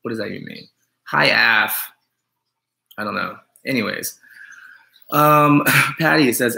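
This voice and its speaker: Rambling groomer guy on a live stream, gravelly and kinda bright, always teasing. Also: mid-range voice, a little slow, long pauses. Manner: playful teasing, rambling with many fillers. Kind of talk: joking live-stream chat, reading viewer comments.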